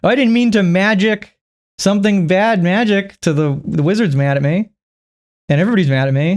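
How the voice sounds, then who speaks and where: A man's voice: high-pitched, fairly quick, darkish tone, pitched above the performer's own voice, close to an everyday voice. A man voicing an earnest young witch in a fussy, over-explaining way. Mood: flustered.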